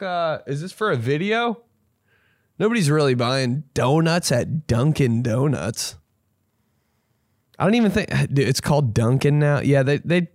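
A male comedian rants casually on his podcast, swearing freely and losing his train of thought. He keeps breaking into loud, high mocking voices. The voice sits at a middle pitch and is recorded close and dry, with no room sound. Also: vocal fry, no room sound. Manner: profane, rambling, jumps into loud mocking voices.

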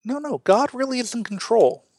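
A man's voice: very high voice, moderate pace, no room sound. Earnest stammering man, dry close mic. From Illinois, USA. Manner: stammering restarts, earnest and animated. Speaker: podcast host, Lutheran teacher. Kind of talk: casual teaching chat.

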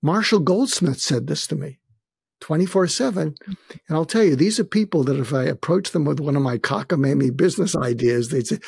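A man's voice: on the high side, lively intonation, moderate pace, gravelly, a little mellow, slightly rough, no echo, studio quality. An older man, a guest on an interview show, telling candid personal stories with a wry touch and often quoting what others said to him. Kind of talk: reflective storytelling.

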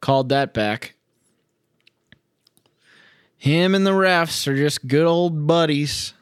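Speaking slowly in a fairly high, clean-toned voice, a young podcast host rants by himself about the game he's watching at home. He's sarcastic, exasperated and swears. It's recorded dry, at studio quality.

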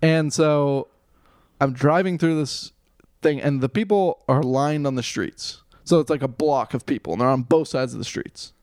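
A male comedian telling a story on a podcast in casual chat, animated, swearing freely and laughing at himself. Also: on the high side, normal speed, no room sound, studio quality.

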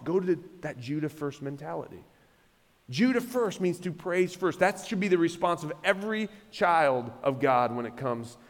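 A long reverb tail follows this high-voiced male pastor as he preaches in a church sanctuary. He's emphatic, frequently repeats words and starts phrases over.

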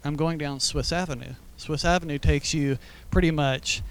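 A man's voice: on the high side, steady tone, normal speed, clear, resonant tone. A man giving an informal church teaching, telling stories in a chatty way with many asides. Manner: storytelling, conversational with fillers and asides. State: briefly emotional, choked up.

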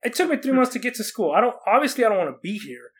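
A young man from Oregon casually tells stories from his school days in a very high, very animated voice that's very fast, a bit bright, with a breathy edge. He rambles, says "like" a lot, restarts often, and acts out quotes.

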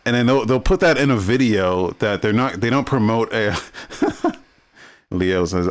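A man co-hosting a casual podcast, blunt and quick to swear, often stammering on repeated words as he gets heated. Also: medium pitch. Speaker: podcast co-host.

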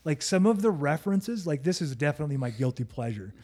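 Animated husky man telling a story. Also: fairly high pitch, fast talker. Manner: animated, swearing, laughing storyteller. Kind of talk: casual chat.

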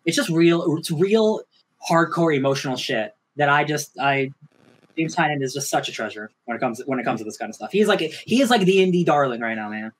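A man co-hosting a podcast in casual chat, gushing excitedly and swearing freely. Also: a little high, fairly quick, slightly rough. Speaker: podcast co-host.

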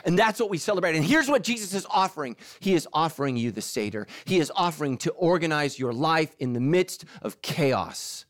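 A man's voice: fairly high pitch, a little fast, few pauses. A middle-aged man from Southern California, a pastor preaching a sermon and telling stories with acted-out voices. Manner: animated storytelling, acts out quotes.

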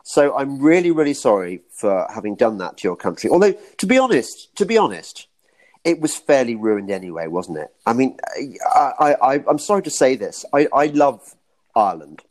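Man from britain, guest, rambling, halting restarts, ironic tone. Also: mid-range voice, expressive, a little mellow. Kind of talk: casual chat.

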